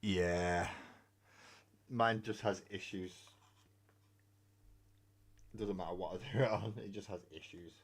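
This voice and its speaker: A man's voice: deep voice, steady tone, slow, long pauses. A man hosting a casual live stream while painting miniatures, rambling, joking and swearing freely. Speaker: hobby streamer. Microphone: webcam mic.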